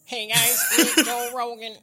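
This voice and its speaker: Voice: mid-range voice, flat delivery, measured pace, over music. A co-host in casual podcast banter, teasing and laughing between swears.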